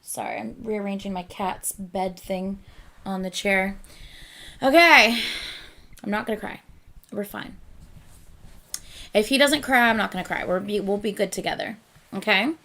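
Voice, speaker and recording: A woman's voice: mid-range voice, steady tone, normal speed, creaky, long pauses, fairly bright tone. A woman hosting a reaction video, talking casually and rambling with lots of fillers, often laughing at herself. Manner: chatty, rambling with many fillers; self-deprecating, laughs often.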